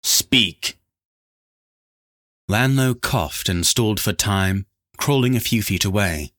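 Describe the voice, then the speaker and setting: A man narrating a fantasy novel chapter in a steady, dramatic storytelling manner. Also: on the low side, a little slow. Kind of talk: scripted audiobook narration.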